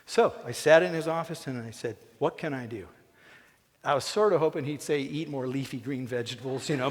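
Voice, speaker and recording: A man giving a personal commencement speech from a stage, folksy and joking one moment, earnest and moving the next. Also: mid-range voice. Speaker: commencement speaker. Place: theatre stage. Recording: long hall reverb in a theatre.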